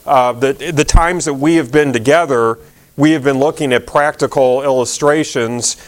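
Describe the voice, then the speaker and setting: A man's voice: medium pitch, normal speed. A man pastor preaching a sermon in a conversational way, repeating key phrases and using fillers.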